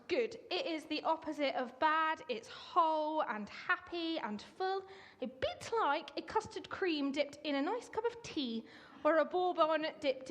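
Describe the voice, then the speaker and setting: A woman giving a chatty, upbeat sermon in a church, directing volunteers at the front. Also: sits high. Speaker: church speaker. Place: church hall.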